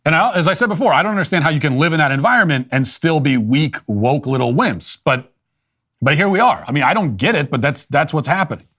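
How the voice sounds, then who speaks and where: A man from the United States hosting a commentary show, speaking in a sardonic, mocking, deadpan way as he reads out a news article and responds to it. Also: on the high side, quick pace. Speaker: political commentator host. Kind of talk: scripted monologue with reading aloud.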